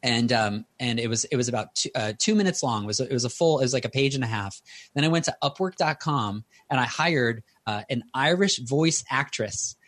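Podcast guest: a man in his thirties, lively casual storyteller with a dry, close sound. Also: a little fast, dry recording. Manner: animated storyteller, rises in pitch for quotes.

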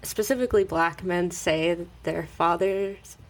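A woman hosting a podcast, asking a guest questions in a relaxed, conversational way. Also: fairly low pitch, a little slow. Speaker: podcast host. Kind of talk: interviewing.

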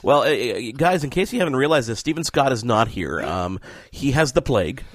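A man's voice: mid-range voice, expressive, brisk, no echo, clean studio sound. A man filling in as host of a casual podcast, joking about himself and laughing often. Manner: playful, self-mocking, laughs often.

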